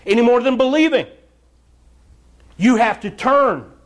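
Fiery, blunt preacher, high voice. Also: male voice, animated, a little slow. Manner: fiery, blunt, scolding the congregation. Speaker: pastor. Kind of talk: sermon. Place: church.

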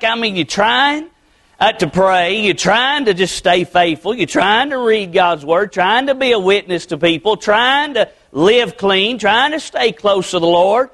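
High-voiced folksy man preaching. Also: animated, normal speed, a bit bright. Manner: plainspoken, peppers lines with "amen", repeats phrases. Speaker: pastor. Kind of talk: folksy conversational sermon. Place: church sanctuary with a congregation.

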